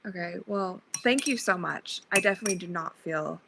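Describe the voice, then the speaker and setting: A woman's voice: on the low side, brisk, creaky, noisy background. A young woman hosting a casual livestream, chatting with viewers, reading their comments aloud and laughing often, a bit sleepy. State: sleepy, yawning. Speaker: livestream host.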